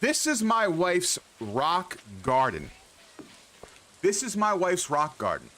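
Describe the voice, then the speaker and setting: A man's voice: sits high, huge pitch swings, takes it slowly, sharp tone. A young man from New York live-streaming a game, chatting casually with viewers in a playful, profane, hyped-up way. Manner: profane, playful, hype banter with chat. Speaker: livestreamer. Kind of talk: casual live-stream chat while gaming.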